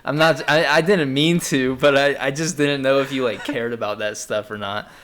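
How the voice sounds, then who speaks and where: A man's voice: medium pitch, steady tone, normal speed, fairly bright tone, slight background noise. A young man co-hosting a casual podcast, talking in a loose, rambling way and swearing freely. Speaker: podcast co-host. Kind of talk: casual chat.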